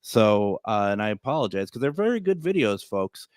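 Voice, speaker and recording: A man's voice: fairly low pitch, sing-song, dry recording, studio quality. A man hosting a casual livestream chat, joking and laughing a lot. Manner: jokey, laughs a lot, puts on quick voices for friends. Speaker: host.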